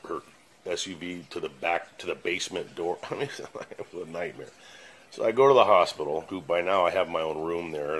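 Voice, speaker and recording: Middle-aged man, very low voice, blunt profane storyteller; faint hiss behind. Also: poor audio. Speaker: channel host. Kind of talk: casual storytelling to camera. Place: his house basement.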